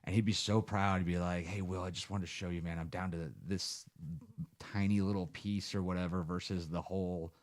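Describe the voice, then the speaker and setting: A man's voice: low-pitched, level tone, fairly quick. A man in his thirties from Ohio, hosting a podcast and telling rambling stories in casual chat, swearing a lot. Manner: rambling storyteller, heavy swearing. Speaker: podcast host.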